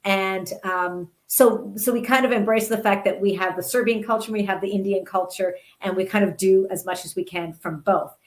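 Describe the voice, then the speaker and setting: A woman's voice: medium pitch, fairly even intonation, moderate pace, few pauses, poor audio. Earnest woman telling a story. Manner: earnest, restarts and repeats words. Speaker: interview guest, journalist. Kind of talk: candid personal storytelling.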